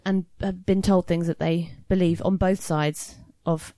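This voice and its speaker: A woman chatting on a podcast, thoughtful and soft-spoken with a dry sense of humour. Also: lowish voice, fairly even intonation, unhurried, no echo. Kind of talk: casual chat.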